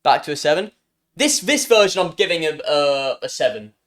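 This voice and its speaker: A young man with a British accent, chatting live on stream with a light, higher-pitched voice. His tone swings widely as he jokes and teases his chat. He often stumbles and restarts mid-sentence. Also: animated, moderate pace, fairly bright tone. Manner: joking, playful, trails off and restarts.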